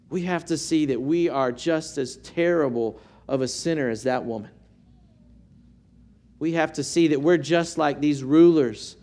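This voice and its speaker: A man delivers a sermon in an unhurried, deliberate way, letting each phrase land. His voice sits a little high for a man, and he leans on rhetorical questions to draw his listeners in. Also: a little mellow. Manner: earnest, measured preaching with rhetorical questions. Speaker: pastor.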